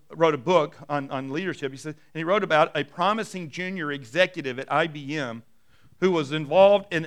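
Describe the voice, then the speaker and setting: A middle-aged pastor delivers a sermon, weaving in stories and letting his voice go soft and low whenever he quotes someone.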